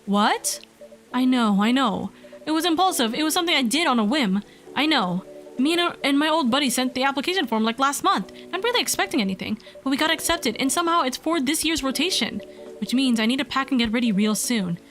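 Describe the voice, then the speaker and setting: A slightly hoarse woman streamer reading the lines of an easygoing woman writer in a game. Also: high voice, animated, brisk, a bit bright. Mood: confiding. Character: adult woman writer, traveling barista-cafe regular, easygoing. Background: faint game music.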